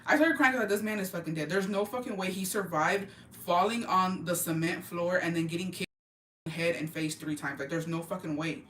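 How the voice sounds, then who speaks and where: A woman's voice: lowish voice, a little fast, a bit bright. A woman telling a gossip story to her viewers in a casual, profane, emphatic way, dropping Spanish phrases into her English. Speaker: vlogger. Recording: roomy, distant mic, faint ambient noise.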